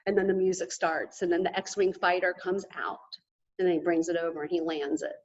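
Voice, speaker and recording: A woman giving an energetic motivational talk to a live audience, emphatic and often checking in with "okay?". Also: fairly low pitch, fairly quick, dull audio. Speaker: motivational speaker at a sales event.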